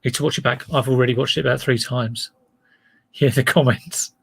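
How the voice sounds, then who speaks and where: A man's voice: mid-range voice, steady tone, fairly quick, vocal fry, slightly rough. A middle-aged man chatting casually on a livestream as a reseller, rambling and self-deprecating.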